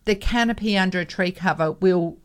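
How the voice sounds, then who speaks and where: A woman's voice: fairly low pitch, brisk, smooth. An Australian woman hosting a radio gardening show, giving enthusiastic practical advice. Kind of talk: casual radio chat. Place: radio studio.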